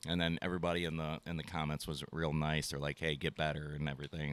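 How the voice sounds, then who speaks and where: A man's voice: a bass voice, little pitch movement, racing, hardly any pauses, clean tone, dry recording. A man hosting a podcast, telling a loose, profane story and acting out both sides of his phone calls. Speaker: podcast host. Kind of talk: casual storytelling chat.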